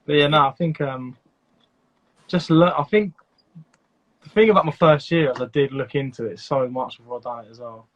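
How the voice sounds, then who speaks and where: A man's voice: a little high, normal speed, long pauses. Hesitant male guest on a dull remote line. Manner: hesitant, lots of fillers and restarts. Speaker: guest breeder. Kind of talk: casual chat.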